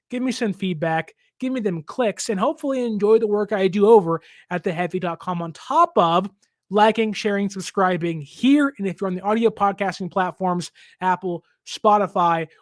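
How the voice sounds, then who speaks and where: An excitable sports podcast host talking through a game preview in a dry, close-miked voice. The delivery is casual and keen, with stammered restarts, and the pitch sits in a middle range. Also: dry recording.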